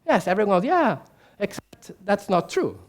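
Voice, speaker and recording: A man with a fairly high voice gives a keynote speech in a large conference hall. He tells stories with energy, puts questions to the audience and acts out what people said. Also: a little fast. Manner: animated storyteller, asks the audience questions, acts out quotes. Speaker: keynote speaker.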